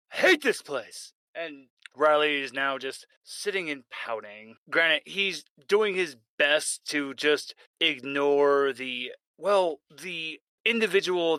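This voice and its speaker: Man, game master narrating a tabletop horror campaign, bright crisp voice, dry close mic, rambling and animated. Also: medium pitch, dry recording, rough recording. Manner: rambling, animated, self-correcting.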